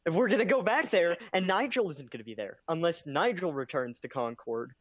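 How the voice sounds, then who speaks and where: A man's voice: a little high, expressive, a little fast, dry recording, muffled recording. Blunt, swearing male player. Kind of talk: casual chat.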